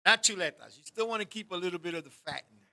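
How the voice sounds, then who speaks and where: A man hosts the show and tells funny stories full of swearing and teasing. His voice sits high and has a bright, pointed edge. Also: racing, gravelly. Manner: profane, animated, joking. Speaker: podcast host. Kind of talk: comic storytelling on a talk show.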